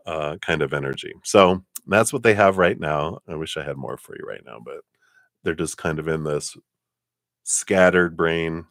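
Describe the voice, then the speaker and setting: A man's voice: low voice, moderate pace, fairly bright tone, dry recording, clean studio sound. A man giving casual live tarot readings in a laid-back, chatty way, laughing often and letting sentences trail off. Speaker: tarot reader.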